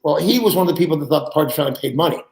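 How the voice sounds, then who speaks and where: A man in his sixties, a guest, telling animated anecdotes and acting out the people he quotes. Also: on the high side, racing, gravelly, echoey room, rough recording. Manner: animated storyteller who acts out quoted people, laughs mid-story. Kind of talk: anecdotal storytelling.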